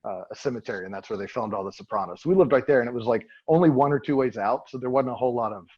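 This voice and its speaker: A man hosting a casual podcast interview, laughing often and trading quick asides. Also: medium pitch, darkish tone, lo-fi sound. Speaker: podcast host.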